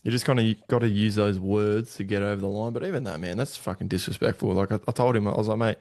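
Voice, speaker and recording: A man's voice: on the low side, steady tone, fast talker, darkish tone. A middle-aged Australian man hosting a podcast in casual chat, blunt and swearing freely. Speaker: podcast host.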